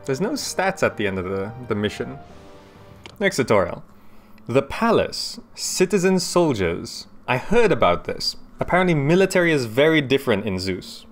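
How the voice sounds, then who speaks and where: A man casually commenting as he plays a city-building game, chatty and quick to laugh, recorded on a desk microphone at home. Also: medium pitch, very animated, soft background music. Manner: chatty, laughs often, talks through his thoughts aloud. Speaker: gaming YouTuber. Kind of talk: casual let's-play commentary.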